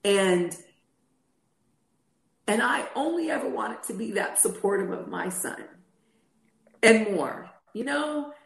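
A woman's voice: medium pitch, animated, slow pace, creaky, long pauses. A middle-aged woman co-hosting a faith talk show, telling a personal story and acting out the dialogue. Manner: storytelling, acts out quoted dialogue. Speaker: podcast co-host. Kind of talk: personal testimony in casual chat. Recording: roomy echo.

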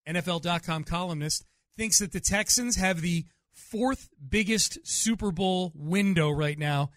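A man's voice: high voice, a little slow, a bit bright, no echo, clean studio sound. A man hosting a sports radio show who runs the conversation by asking questions and moving to new topics. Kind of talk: casual sports talk.

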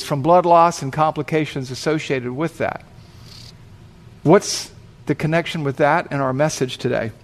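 Guy preaching, slightly high voice, tells the story dramatic, acts out the voices. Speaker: pastor. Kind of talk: sermon illustration storytelling.

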